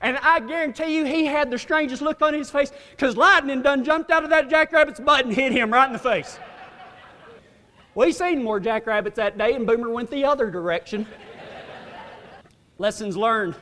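Speaking at a moderate pace, this man has a very high-pitched voice with a bright, forceful tone. His sermon is folksy and funny, a story full of drawling asides that he laughs along with, captured in a church hall with long reverb.

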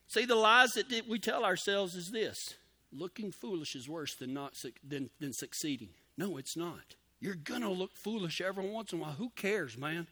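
A man's voice: high-pitched, normal speed, bright, forceful tone. A man preaching a sermon in a folksy, emphatic way, with cowboy slang and key phrases repeated for emphasis.

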